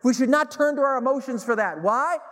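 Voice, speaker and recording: A middle-aged man, a theologian, gives a public talk to a live audience, telling stories with animated delivery and emphatic repetition. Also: very high voice, brisk. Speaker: theologian and speaker. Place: large hall with audience. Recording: long reverb in a large hall.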